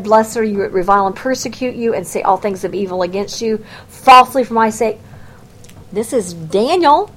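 Lively woman preaching a Bible lesson. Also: fairly high pitch. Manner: expressive storytelling, acts out scripture voices. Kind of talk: Bible teaching sermon.

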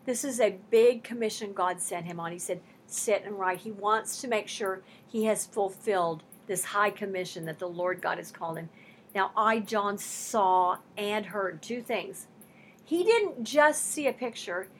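A woman's voice: medium pitch, unhurried, a little hiss or hum. A woman teaching a sermon on scripture, impassioned and emphatic, mixing conversational asides with rising bursts. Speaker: Bible teacher.

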